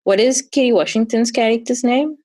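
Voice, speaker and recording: A woman's voice: on the high side, a little fast, a little mellow. A woman hosting a podcast interview, asking playful, teasing questions and laughing along. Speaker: podcast host.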